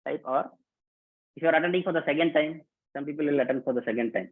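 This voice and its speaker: A man's voice: fairly high pitch, fast. Male workshop host on a video call, casual and repetitive, thin phone-line sound. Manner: casual, repetitive, calls out names and instructions. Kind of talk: live online workshop, greeting participants. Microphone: online video call. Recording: tinny phone-like call audio.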